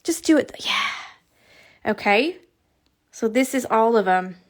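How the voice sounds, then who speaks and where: Chatty encouraging woman, slightly high voice. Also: expressive, moderate pace. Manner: chatty, encouraging, many fillers, mutters asides under her breath. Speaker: cross-stitch designer hosting a stitch along. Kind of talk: casual chat while showing her screen.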